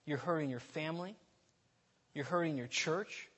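Husky, bright-toned man preaching casually. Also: fairly high pitch, moderate pace. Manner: candid, self-deprecating, conversational with frequent restarts. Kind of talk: informal sermon.

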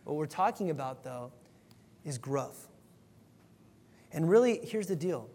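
A man's voice: on the high side, expressive, a little slow, a little mellow. A male pastor giving an earnest, conversational sermon, often restarting his sentences. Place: church sanctuary. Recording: long hall reverb.

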